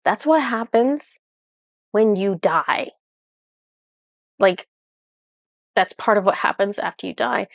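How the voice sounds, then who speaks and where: Woman, casual rambling storyteller, mid pitch, dry close mic. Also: animated, takes it slowly, creaky, pauses often, dry recording. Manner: chatty and rambling, full of "like" and self-corrections. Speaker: spiritual channeler telling a personal story.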